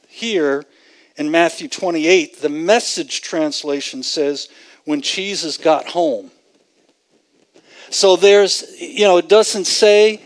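A man's voice: high-pitched, low-quality recording. A man preaching a sermon, earnestly explaining scripture and stressing his points with emphasis. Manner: earnest, emphatic, retells scripture with vivid acted-out quotes. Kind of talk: sermon teaching.

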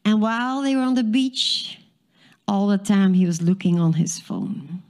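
A woman's voice: medium pitch, a little slow, darkish tone. A woman telling a dramatic story to an audience, drawing listeners in with questions.

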